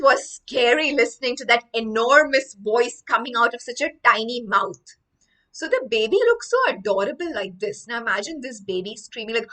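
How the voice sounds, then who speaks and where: Woman english teacher reading a story and explaining words, bright voice, a bit far from the mic. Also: on the high side, expressive, normal speed. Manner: explains each phrase after reading it. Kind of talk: storytelling vocabulary lesson.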